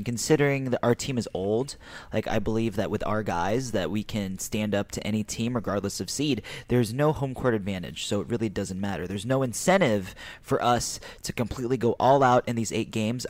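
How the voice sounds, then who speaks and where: A young man co-hosting a sports podcast, giving relaxed, measured opinions. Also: lowish voice, no room sound. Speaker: podcast co-host. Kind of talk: casual sports podcast chat.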